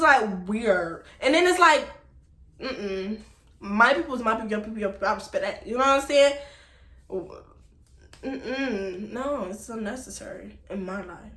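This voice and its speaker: Woman, storytime vlog, emphatic, fairly high voice, echoey room. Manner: animated, emphatic, talks straight to viewers as y'all. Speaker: vlogger telling a personal story. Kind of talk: casual storytime to camera.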